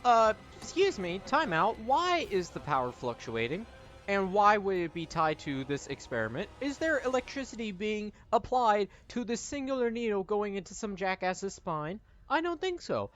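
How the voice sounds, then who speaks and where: A man's voice: high-pitched, big pitch swings, normal speed, fairly bright tone, faint music behind. A man giving sarcastic, exasperated and profane reaction commentary while watching a movie. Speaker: YouTuber.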